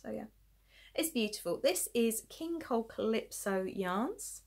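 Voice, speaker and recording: Late at night, a tired knitting podcast host yawns her way through a casual, rambling chat, showing her projects to the camera, giggling and teasing herself. Her voice is a little high and creaky, with lively intonation and a slightly slow pace.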